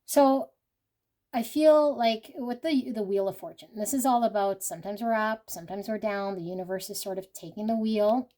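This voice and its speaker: In a mellow medium-pitched voice at a moderate pace, a woman gives a laid-back pick-a-card tarot reading. Her talk rambles, packed with fillers like "like" and "you know," with occasional laughs and swearing.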